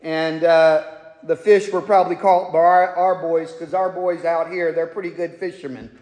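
A man's voice: a little high, steady tone, normal speed, darkish tone. A man preaching a sermon to his congregation as their pastor, folksy and jokey in his asides. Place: church sanctuary. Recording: echoey hall.

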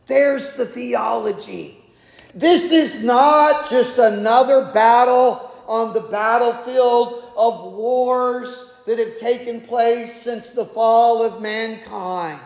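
Male preacher, very high voice, unhurried delivery, reverberant sanctuary. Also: gravelly. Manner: conversational, repeats words when restarting. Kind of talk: expository sermon. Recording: echoey hall, long reverb.

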